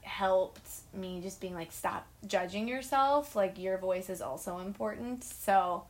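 A woman's voice: medium pitch, unhurried. Young woman, middle voice, heartfelt and self-mocking, chatting on a video call. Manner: emotional, earnest, self-deprecating. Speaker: guest, writer and director. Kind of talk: casual video-call chat. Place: at home.

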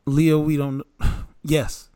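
A man's voice: on the high side, level tone, drawn-out words, mellow, clear, resonant tone. A man co-hosting a podcast in casual chat, laid-back and playfully teasing. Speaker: podcast co-host.

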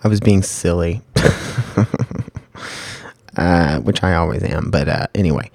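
A man giving a casual spoken writing lesson, rambling and correcting himself with lots of fillers, and reading passages aloud slowly. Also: low-pitched, creaky, a little mellow, no echo. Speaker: amateur fiction writer.

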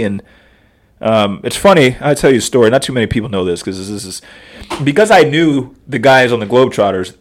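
A man in his thirties, a podcast guest telling stories in an animated way and laughing often. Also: medium pitch, quick pace. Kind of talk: casual storytelling.

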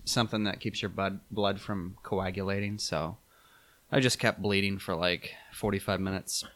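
A young man telling a travel story in a casual chat, animated and laughing, with many fillers. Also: sits low, normal speed.

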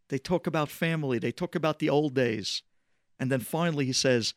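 A man telling a religious story dramatically, swinging between loud and hushed. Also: mid-range voice, a little fast, no echo, clean studio sound.

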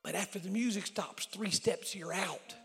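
A man preaching with a gravelly, higher-pitched voice, dropping to a breathy whisper and then rising to a shout. He tells stories in a Southern preaching cadence, with praise called out between lines. His voice rings with long church reverb over soft music. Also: normal speed. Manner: swings from loud shouts to hushed whispers. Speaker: evangelist preacher. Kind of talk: storytelling sermon.

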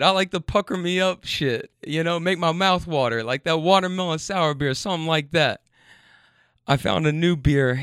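A man's voice: fairly high pitch, a bit bright, clean tone, dry recording, clean studio sound. A man hosting a late-night rambling monologue, loose and laughing, repeating himself and getting sentimental, a bit tipsy. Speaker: podcast host. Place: studio.

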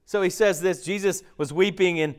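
A man preaching a sermon in a conversational, animated way, acting out the voices of the people in the story. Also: high voice, normal speed, smooth. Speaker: pastor.

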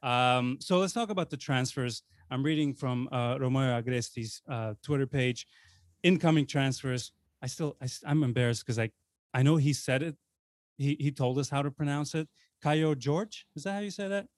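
An eager male podcast host speaks over a video call in a dry, close sound. He sits at a middle pitch and talks with enthusiasm, laughing readily between thoughts. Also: normal speed, no echo. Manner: enthusiastic, excitable, laughs and swears. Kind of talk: casual chat.

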